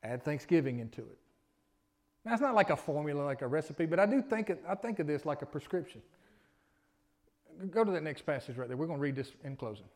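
A man's voice: on the high side, lively intonation, quick pace, darkish tone. A middle-aged man preaching a sermon in a folksy, conversational way, drawing responses from the congregation. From Alabama, US. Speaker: pastor.

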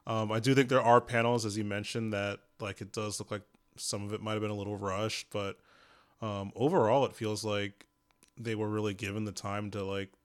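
A man's voice: fairly low pitch, little pitch movement, fairly quick, clean tone. A man who is a guest on a comics podcast, chatting casually and enthusiastically, with many "like"s and "um"s. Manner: enthusiastic, hedging with "like" and "um". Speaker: guest, music composer. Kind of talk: casual chat.

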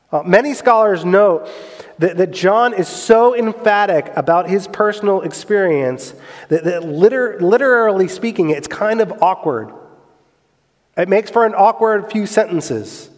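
A man with a high voice preaches in a church sanctuary, leaning hard on rhetorical questions and repetition. His delivery swings from loud, emphatic bursts to hushed lines. A long reverb trails every phrase. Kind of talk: sermon.

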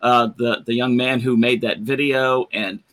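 A man hosting a live show, talking with excitable enthusiasm. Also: mid-range voice, unhurried.

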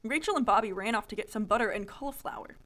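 Giggly bright-voiced woman reading aloud. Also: a little high, fast talker. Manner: giggly, lively, breaks off to comment and laugh. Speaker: podcast co-host reading aloud. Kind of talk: casual chat, reading a childhood story aloud. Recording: lo-fi podcast audio.

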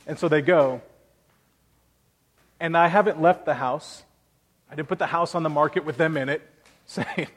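A man's voice: fairly high pitch, fairly even intonation, fairly quick, big-room sound. A man in his thirties preaching a sermon as pastor, earnest and conversational, telling personal stories.

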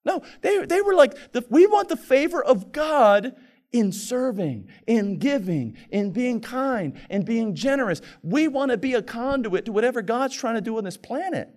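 A man pastor preaching a sermon in a conversational way, dropping to hushed pleading and climbing to loud, excited passages. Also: extremely high pitch, moderate pace. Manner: conversational, with filler and repeated words.

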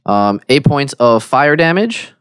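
A man's voice: medium pitch, slow, clean tone, dry recording, clean studio sound. A man playing a tabletop game in casual chat, adding up his damage rolls aloud. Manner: relaxed, counts damage aloud. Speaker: player.

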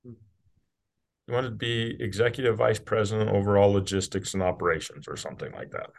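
A middle-aged man with a fairly low voice speaks as a guest in a candid podcast interview. He grew up in rural Utah and now runs a company. His delivery is blunt and conversational, with the occasional curse slipped in. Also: fairly even intonation, moderate pace, creaky. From rural Utah, USA. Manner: blunt, casual, peppered with swearing.

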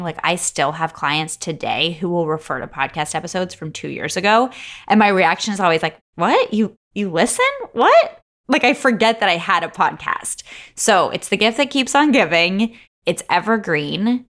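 A woman hosting her own solo podcast, talking in an upbeat, chatty way and running through lists, openly emotional and quick to laugh. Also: low-pitched, a bit bright. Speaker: podcast host.

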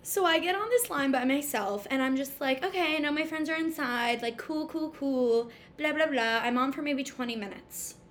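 A woman's voice: high voice, moderate pace, few pauses, a little hiss or hum. A young woman animatedly telling a story in casual chat, acting out the dialogue. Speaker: storyteller guest.

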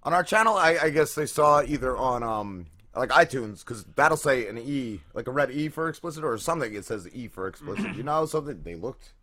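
A man's voice: mid-range voice, brisk, few pauses. A man hosting a podcast, ranting loosely and profanely in casual chat. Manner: loose, profane, animated ranting with funny voices. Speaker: podcast host.

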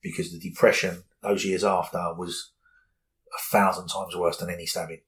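A man's voice: low voice, little pitch movement, normal speed, fairly bright tone, rough recording. A man, speaking candidly and earnestly as an interview guest, often repeating words as he goes. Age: 40s.

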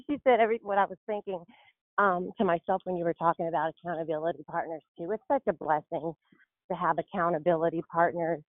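A woman's voice: lowish voice, steady tone, fast talker, no echo. A woman calling in to a prayer line, out of breath, talking eagerly and searching for words. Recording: phone-line call audio.

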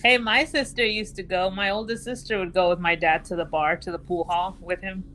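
A woman's voice: mid-range voice, fairly even intonation, a little fast, a bit bright, a little hiss or hum, rough recording. A woman joining a casual podcast chat with short, teasing remarks.

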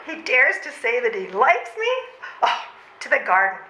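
A woman's voice: fairly high pitch, very animated, normal speed, pushed and bright. A woman reading a comic play on stage before a live audience, speaking in a fiery, huffy way. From Canada. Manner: fiery, huffy, flipping between anger and laughter. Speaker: reader in a readers' theatre comedy. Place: old train station hall with a live audience. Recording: roomy hall.

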